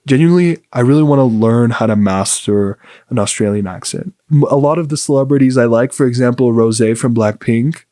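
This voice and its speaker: Young man hosting a casual solo podcast. Mid-pitched, rambling and upbeat, heavy on fillers. Dry recording. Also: a little mellow, no echo. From United States. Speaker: podcast host.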